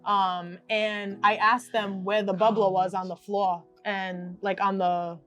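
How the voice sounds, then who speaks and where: A young woman with a Rhode Island accent chats casually as a podcast co-host, dropping in "yeah" often. Her voice sits at a middle pitch, with light music faintly behind her. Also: level tone, takes it slowly, fairly bright tone, dull audio. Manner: chatty, laughs easily, says "yeah" a lot. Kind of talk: casual chat.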